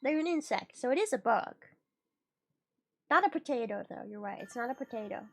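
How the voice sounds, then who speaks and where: Excitable and playful, a woman livestreamer chats loosely with viewers, wandering off on tangents and dropping casual swears. She talks fairly quickly, her voice bouncing between high and low and between loud and soft.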